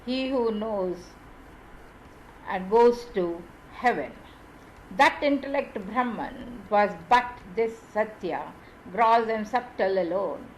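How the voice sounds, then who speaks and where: A woman reading scripture aloud in a measured, deliberate way, with small slips and restarts. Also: mid-range voice, lively intonation, slight background noise, rough recording. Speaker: reader of scripture.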